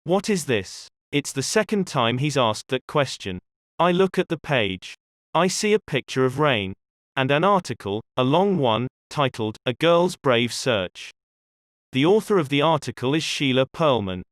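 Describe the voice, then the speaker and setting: Expressive male audiobook narrator. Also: mid-range voice, no echo, clean studio sound. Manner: measured, expressive storytelling. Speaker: audiobook reader. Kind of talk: scripted first-person narration.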